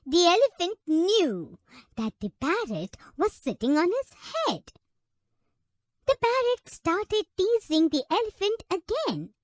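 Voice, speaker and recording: A woman narrating a children's story in a slow, expressive, sing-song manner. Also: very high voice, no echo, studio quality.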